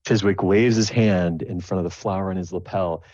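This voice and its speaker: A man's voice: sits low, steady tone, moderate pace, a little mellow, no room sound, dull audio. A man narrating as game master of a tabletop game, rambling and repeating words as he goes.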